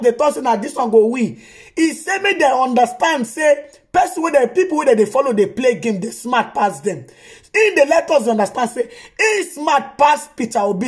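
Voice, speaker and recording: A woman's voice: a little high, darkish tone. A woman with a Nigerian Pidgin accent hosting a news vlog, chatting casually and tagging her phrases with exclamations. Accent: Nigerian Pidgin English. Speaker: vlog host reacting to news.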